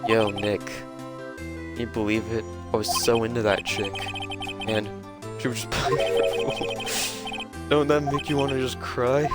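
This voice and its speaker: A man puts on a goofy young slacker who drawls and whines dramatically. Loud game music plays behind him. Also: mid-range voice, fairly even intonation, a little slow, natural voice. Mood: excited. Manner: whiny, drawling, overdramatic.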